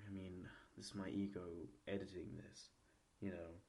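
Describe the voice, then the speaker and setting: Man, deep voice, gravelly, halting, rambling, solo podcast musing. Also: level tone, warm tone. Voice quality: posh-sounding, nasal. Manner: halting, rambling, many restarts. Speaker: podcast host. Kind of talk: solo reflective podcast monologue.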